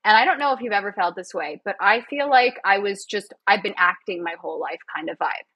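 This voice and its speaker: A woman's voice: mid-range voice, brisk, slightly rough, no echo, lo-fi sound. A young Canadian woman with a Canadian accent, chatting animatedly as a podcast guest and laughing often. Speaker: podcast guest, actor and physiotherapist. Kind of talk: casual podcast interview.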